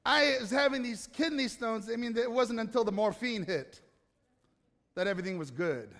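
A man preaching to an audience, telling a self-mocking personal story in an animated way with asides to the crowd. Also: very high-pitched, moderate pace. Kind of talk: storytelling sermon. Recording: hall reverb.

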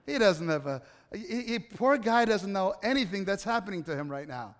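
A man's voice: sits high, lively intonation, moderate pace, fairly bright tone, clean tone. A man preaching a casual, story-driven sermon to his congregation, often restarting with repeated words. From Italy. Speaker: pastor. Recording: long hall reverb.

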